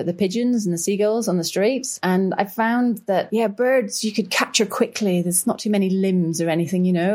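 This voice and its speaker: A Northern Irish woman chatting in a relaxed storytelling way as a guest. She laughs easily, repeats her words as she gets going, and her voice has a medium pitch. Her telling is lively and unhurried. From Northern Ireland. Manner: lively, laughs often, repeats words when starting sentences. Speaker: guest artist and illustrator.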